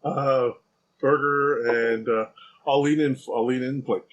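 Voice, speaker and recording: A man's voice: mid-range voice, fairly even intonation, slow, muffled recording, slight background noise. Laid-back man playing a tabletop game. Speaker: player. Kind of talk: casual chat.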